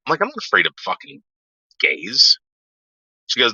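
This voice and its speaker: A man's voice: mid-range voice, huge pitch swings, fast talker, long pauses, sharp tone, slightly rough, no room sound. A man telling a story from his past in a casual, profane way, acting out the voices of the people he quotes. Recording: dull lo-fi sound.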